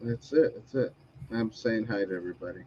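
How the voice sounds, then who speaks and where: A man's voice: fairly low pitch, a little fast, a loud crowd. A man hosting a casual online talk show, telling a long, rambling story and laughing often. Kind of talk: casual chat. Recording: dull lo-fi stream audio.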